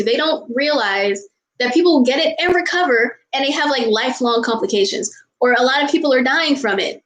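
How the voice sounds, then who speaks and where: A woman's voice: sits high, expressive, fairly quick, fairly bright tone, roomy sound, low-quality recording. An American woman vlogger chatting casually with viewers, ranting in exasperation, laughing and apologizing often. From United States. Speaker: vlogger answering viewer questions. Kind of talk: casual chat.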